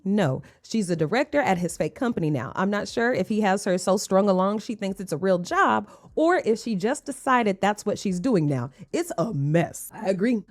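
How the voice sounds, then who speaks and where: A woman's voice: mid-range voice, darkish tone. A woman hosting a reaction video, giving sassy, mocking asides in casual commentary. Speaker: host reacting to a clip.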